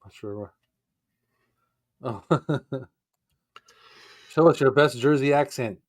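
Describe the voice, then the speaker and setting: A man's voice: mid-range voice, takes it slowly, no echo, clean studio sound. A man hosting a casual podcast chat, playful and laughing often. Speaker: podcast host.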